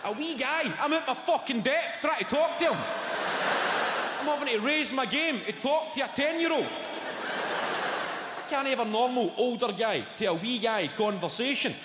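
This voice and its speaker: A man with a Scottish accent doing stand-up, sardonic and profane, telling stories with lively energy. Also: very high-pitched, moderate pace, very noisy. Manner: sardonic, swearing, animated storytelling. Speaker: stand-up comedian. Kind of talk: live stand-up routine. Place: large live venue. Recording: echoey live hall with loud ambience.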